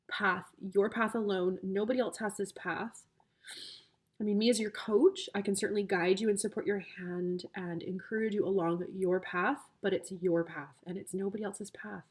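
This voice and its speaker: An emotional woman coaching her viewers through a tarot reading. Her voice sits at an average pitch, and her delivery is gushing and heartfelt. She is easily moved, almost tearful. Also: slightly rough.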